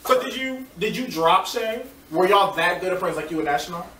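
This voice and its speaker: A woman's voice: on the low side, brisk, slight background noise. A woman hosting a reunion show, asking the guests short, pointed questions. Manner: short prompts, lively questioning. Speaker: reunion host. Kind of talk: interviewing guests. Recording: echoey room, far from mic.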